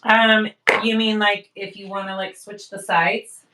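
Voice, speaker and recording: A woman hosting a casual sewing livestream, upbeat and quick to praise, laughing often as she works. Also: medium pitch, little pitch movement, noisy background. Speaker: sewing channel host. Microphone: livestream camera mic.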